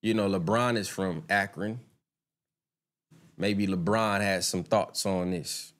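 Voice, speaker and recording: A man's voice: low-pitched, steady tone, slow pace, fairly bright tone. A man doing casual live-stream commentary, talking straight to his viewers, swearing freely and getting heated and indignant when he rants.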